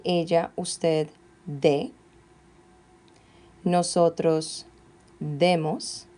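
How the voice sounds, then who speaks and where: A woman teaching Spanish grammar, slowly and carefully dictating verb forms one at a time. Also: fairly low pitch, a little mellow. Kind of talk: classroom grammar lesson.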